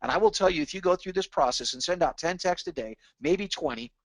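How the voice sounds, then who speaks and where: A man leads a sales training webinar in an eager, pushy way. His voice sits on the higher side and sounds dry and close. He drives each point home by saying it again. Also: animated, a little fast, no room sound, low-quality recording. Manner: pumped-up, pushy, repeats himself for emphasis. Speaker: webinar presenter.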